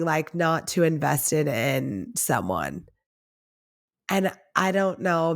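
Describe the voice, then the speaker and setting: Woman podcast host, slightly low voice, candid and chatty personal storytelling. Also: vocal fry. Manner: chatty and confessional, heavy use of "like".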